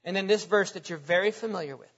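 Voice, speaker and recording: A man preaches a sermon in a church, emphatic and repetitive, firing rhetorical questions at the congregation. His voice is high-pitched and fairly bright, quick-paced with vocal fry, and the audio is echoey and dull lo-fi.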